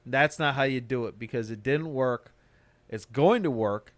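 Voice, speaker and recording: Guy comic ranting and cussing on a podcast, mid pitch, dry close sound. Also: normal speed, dry recording. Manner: ranting, profane, motivational. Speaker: podcast host; stand-up comic. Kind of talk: casual chat.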